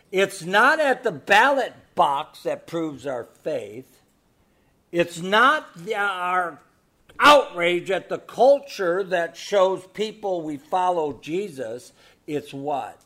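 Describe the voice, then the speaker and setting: High-voiced preaching man. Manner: emphatic preaching with rhetorical questions; swings between hushed storytelling and loud exhortation. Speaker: pastor. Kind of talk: sermon.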